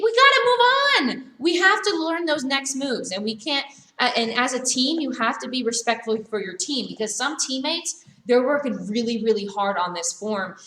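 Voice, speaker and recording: Woman, karate instructor, brisk coaching commands, bright voice, echoey studio. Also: on the high side. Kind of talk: live virtual class instruction. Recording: echoey room.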